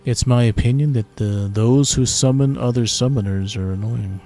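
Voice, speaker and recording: A man hosting casual gameplay commentary, relaxed and chatty as he thinks aloud while playing. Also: medium pitch, moderate pace. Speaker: gaming channel host.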